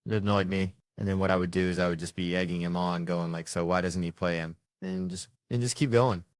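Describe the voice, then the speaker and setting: A man's voice: deep voice, fairly even intonation, a little fast, dry recording, studio quality. A man telling profane, rambling comic stories and voicing the people in them. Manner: profane, rambling anecdotes with voiced quotes. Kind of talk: stand-up storytelling.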